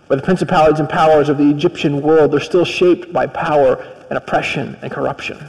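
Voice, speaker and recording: A man's voice: a little high, darkish tone. A man preaching a conversational sermon, retelling stories and acting out the characters. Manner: conversational storytelling, acts out characters. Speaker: pastor. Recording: long reverb of a large hall.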